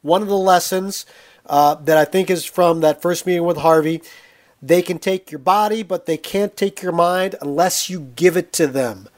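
A man interviewing an author, asking relaxed questions with a few fillers. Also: fairly high pitch, moderate pace. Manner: conversational, asks questions with fillers. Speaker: interviewer, sports writer.

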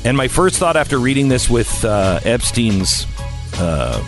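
A man hosting a talk radio show, speaking in a conversational monologue with frequent "uh" pauses. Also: mid-range voice, big pitch swings, over music.

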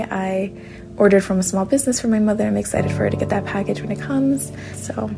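A woman's voice: medium pitch, lively intonation, brisk, vocal fry, over loud music. Young woman's candid audio diary, roomy. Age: young adult. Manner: candid, conversational, openly emotional. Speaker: college student keeping an audio diary. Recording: roomy echo.

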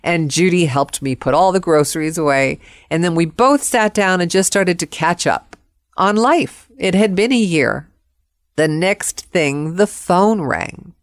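Expressive woman storyteller, low voice. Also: unhurried, no echo, clean studio sound. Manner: vivid, expressive, acts out quotes. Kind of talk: personal storytelling.

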